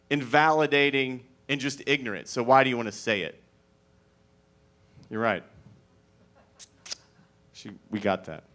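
A man's voice: mid-range voice, unhurried, pauses often, a bit bright. Wry, rambling male stand-up comedian. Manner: rambling, conversational, filler-heavy; profane and wry.

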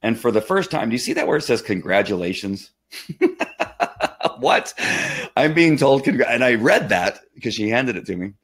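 A man hosting a live stream, talking casually in an excitable, rambling way with many restarts. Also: mid-range voice, fairly quick, hardly any pauses, slightly rough.

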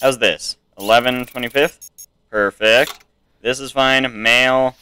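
A man's voice: medium pitch, fairly even intonation, slow, bright, forceful tone, smooth. A young man casually commenting on a game as he plays, reading its text aloud and trying out silly voices. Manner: chatty, reads game text aloud, tries silly accents. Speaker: gameplay streamer. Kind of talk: casual let's play commentary.

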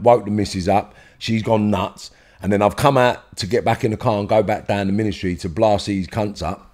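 A man's voice: fairly low pitch, darkish tone. A man with a London accent tells a story in a podcast interview. His manner is blunt, his speech is full of swearing, and his voice leaps up whenever he acts out heated arguments. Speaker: interview guest.

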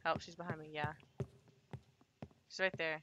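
A woman's voice: deep voice, level tone, normal speed, dull audio, background noise. A young woman playing a horror game with a friend, jumpy and swearing as she gets startled. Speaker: gamer streaming a co-op horror game. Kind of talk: casual gameplay chat.

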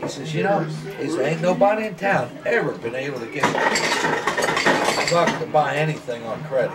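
During a meal at a home dining table, an older man rambles through folksy tales, imitating the voices of those he quotes. His voice is a little high and his pace normal, heard through a distant mic over a noisy crowd with clinking cutlery and dishes.

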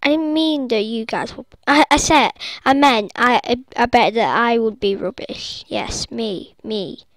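A woman's voice: fairly high pitch, measured pace, dry recording. A woman giving rambling, giggly commentary over a video game, breaking into silly singing and squeals. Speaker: gaming video host.

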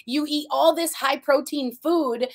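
A woman guest telling her story in a blunt, animated way during a casual interview chat. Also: sits high, measured pace.

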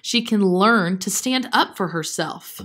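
A woman's voice: mid-range voice, expressive, measured pace, fairly bright tone. A woman reading a storybook aloud, voicing a stubborn, teasing old grandfather in a raised, hearty voice.

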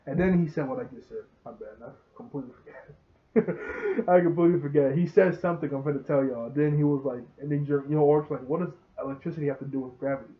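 A man's voice: on the high side, fast talker. A young man, rambling through a casual episode recap and acting out the characters' lines. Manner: rambling, laughs often, acts out dialogue. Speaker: show reviewer. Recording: tinny phone-like sound.

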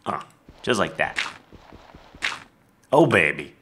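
A man chats his way through a game build, slow and unhurried. His pitch swings up and down all the time, and keyboard typing clicks behind him. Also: noisy background. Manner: chatty, lively, talks while building. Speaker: Minecraft let's player. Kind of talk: casual gameplay commentary.

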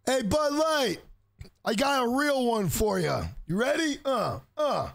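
High-pitched, lively man streaming a game. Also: unhurried, gravelly, dry recording. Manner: loud, profane, joking, greets chat by name; improvises shouted rhyming bits. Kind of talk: live game stream chat.

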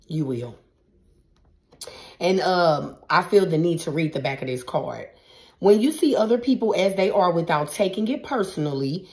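A woman's voice: fairly low pitch, a little mellow. Emphatic woman giving a spiritual pep talk. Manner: emphatic and repetitive, preacher-like cadence; casual, addresses viewers as y'all. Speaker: tarot reader.

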